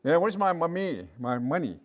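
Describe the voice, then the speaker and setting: A man teaching a virtual language class, sounding out letters slowly, repeating each sound and checking in with his students often. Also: fairly high pitch, very animated. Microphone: computer mic on a video call.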